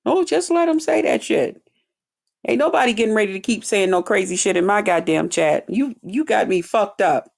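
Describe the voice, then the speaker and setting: A woman's voice: mid-range voice, animated, moderate pace, gravelly, darkish tone. A woman hosting a livestream, bluntly ranting to her chat with heavy profanity and mocking drawled quotes. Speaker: livestream host. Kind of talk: profane commentary rant to chat.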